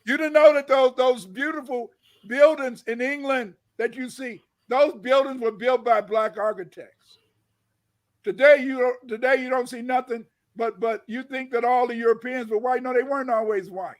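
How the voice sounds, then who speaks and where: A man with a strikingly high voice delivers a lecture, reading old notices aloud. He restarts and stutters often, repeats his points, and booms out the words he wants to stress. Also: fairly even intonation, normal speed. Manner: booming emphatic bursts on key words, repeats himself.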